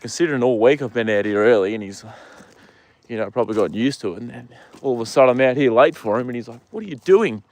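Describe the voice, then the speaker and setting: A man's voice: mid-range voice, fast, darkish tone. A man hosting a casual live stream outdoors by a horse paddock, rambling and answering viewer comments, with the odd swear word.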